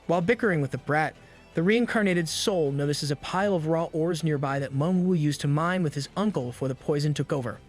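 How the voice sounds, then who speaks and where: A man narrating a manga recap in a brisk scripted delivery, dropping slangy jokes between plot beats. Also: a little high. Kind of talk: scripted narration with quick asides. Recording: voice-over over soft background music.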